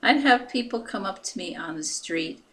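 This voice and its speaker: A woman in her fifties with an American accent, talking in a soft-spoken, halting way in a casual personal vlog, pausing often. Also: mid-range voice, animated. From United States. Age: 50s. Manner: soft-spoken and halting, with many pauses and fillers. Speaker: vlogger.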